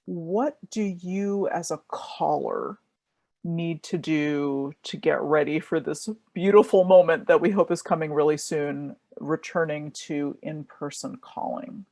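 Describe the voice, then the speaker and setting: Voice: mid-range voice, steady tone, a little slow, gravelly, a little mellow, no room sound. A panel moderator on a video call, friendly and inviting as they introduce the discussion.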